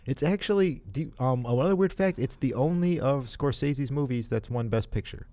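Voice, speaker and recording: A man's voice: mid-range voice, expressive, moderate pace, warm tone, no room sound. A man co-hosting a podcast, chatting about movies in a jokey, rambling way. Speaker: podcast co-host. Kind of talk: casual movie chat.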